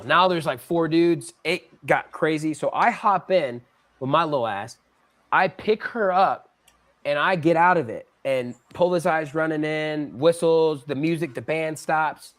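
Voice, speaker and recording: A man guest on a podcast, telling a story in casual, slangy talk and acting out what people said. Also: fairly high pitch. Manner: animated, slangy storyteller who acts out quotes.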